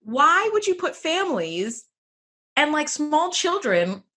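A young adult woman co-hosting a podcast in casual chat, animated and exclamatory, with lots of "like.". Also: high-pitched, slow pace. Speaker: podcast co-host.

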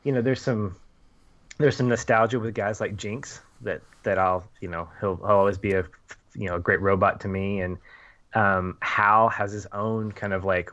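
A man's voice: fairly low pitch, steady tone, moderate pace, a bit bright, lo-fi sound. A man on a film podcast, speaking earnestly with repeated words and easy laughter. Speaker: podcast panelist. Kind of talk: casual film discussion.

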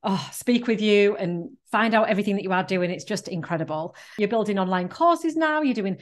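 A woman's voice: mid-range voice, expressive, fairly quick. A woman hosting a casual interview podcast, effusive and full of praise for her guest. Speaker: podcast host.

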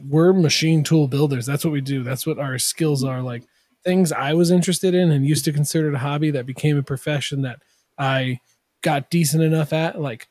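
A man's voice: medium pitch, darkish tone, no room sound. A man, a guest on a podcast who builds machine tools, talking in a rambling, self-deprecating way full of fillers. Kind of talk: casual podcast chat.

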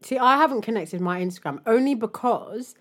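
A young woman co-hosting a casual podcast chat, animated and laughing as she acts out quotes. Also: a little high, brisk. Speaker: podcast co-host.

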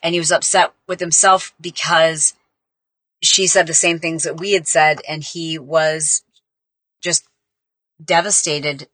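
A woman's voice: deep voice, steady tone, takes it slowly, long pauses, bright, forceful tone, no echo. A woman hosting a podcast and telling a personal story in a casual, heartfelt, rambling way, with lots of "like". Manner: heartfelt, rambling, heavy use of "like". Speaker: podcast host.

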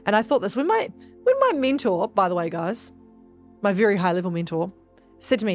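A woman's voice: mid-range voice, sing-song, a little fast, soft background music. A woman hosting a podcast as a spiritual business coach, in a casual motivational monologue, emphatic and chatty, swearing freely and calling her listeners "guys".

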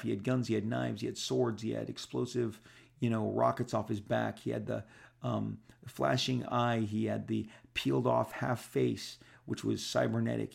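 A man with a deeply gravelly, fry-heavy voice at an ordinary mid pitch, telling stories to his fans. He speaks in an animated, casual way and keeps repeating words for emphasis. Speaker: comic book creator.

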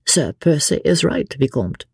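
A woman's voice: deep voice, big pitch swings, a little slow, gravelly, a little mellow, slightly rough, no room sound, studio quality, pitched above the performer's own voice, full character voice. Woman reading as a friendly English lord. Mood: placating. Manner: friendly, placating. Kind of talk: audiobook character reading.

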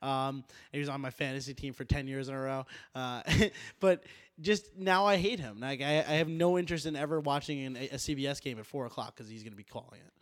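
A man's voice: medium pitch, fairly quick, no room sound, clean studio sound. A young man co-hosting a casual sports podcast, ranting animatedly and poking fun at himself. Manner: animated, ranting, self-mocking. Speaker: podcast co-host. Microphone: studio podcast microphone.

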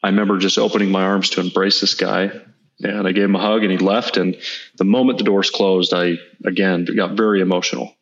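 A man in his thirties with a low voice and flat delivery appears as an entrepreneur guest in an interview. He tells a personal story earnestly and haltingly, with small restarts, on slightly dull lo-fi audio.

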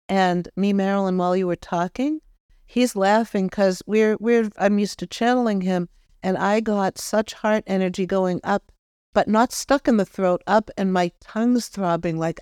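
Animated woman spiritual medium. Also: medium pitch, moderate pace, clear, resonant tone, no room sound, clean studio sound. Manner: animated, relays what the spirit says. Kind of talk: podcast conversation.

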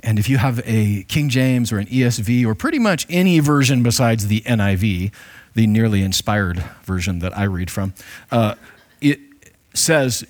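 A man's voice: fairly low pitch, moderate pace, a little mellow. A man preaching a sermon as pastor, reading scripture and explaining it in a conversational, playful way with frequent restarts.

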